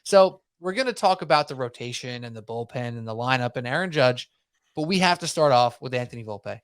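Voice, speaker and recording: A man hosting a sports podcast in casual chat, talking in animated, rambling runs and mocking himself. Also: medium pitch, fairly quick, clean tone, dry recording. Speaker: podcast host.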